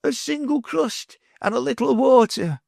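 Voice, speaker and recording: A man's voice: very high voice, measured pace, creaky, a little mellow, dry recording, clean studio sound, voice pushed up, heavily acted. A man voicing a frail, dignified old beggar who pleads meekly. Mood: pleading. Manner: meek, pleading.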